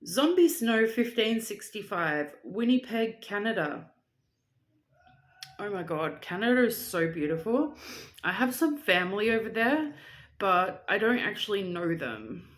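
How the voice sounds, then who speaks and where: A young woman vlogger chatting casually while reading out viewer shoutouts, playful and rambling. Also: mid-range voice, sing-song, a little slow. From Australia. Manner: chatty and playful, with silly asides and rambling tangents.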